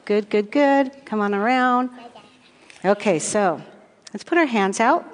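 A woman's voice: mid-range voice, unhurried, pauses often, in a large hall. A woman giving a children's sermon in church, asking the children questions and telling playful stories from her own childhood.

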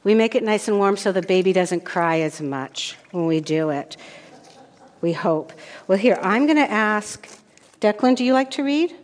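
A woman pastor giving a children's sermon, gently asking the kids questions. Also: medium pitch, animated, normal speed. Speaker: pastor leading a children's message. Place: church sanctuary. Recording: long church reverb.

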